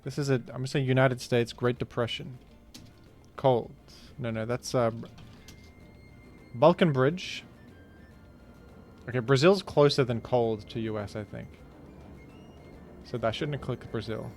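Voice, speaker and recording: A man streaming a food guessing game, talking casually with animated, incredulous outbursts. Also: medium pitch, a little slow, pauses often, soft background music. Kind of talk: casual gaming commentary.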